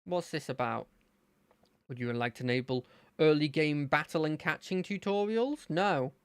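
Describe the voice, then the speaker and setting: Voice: mid-range voice, moderate pace, clean tone, dry recording, studio quality. A game streamer chatting casually and playfully while playing a fangame, thinking aloud. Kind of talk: casual gameplay commentary.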